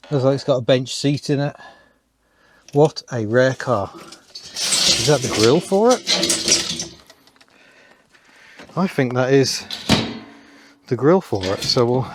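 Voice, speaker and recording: A man's voice: medium pitch, noisy background. A man, commenting casually with dry, self-deprecating asides while he picks through an old car in an overgrown rural yard. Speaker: car vlogger.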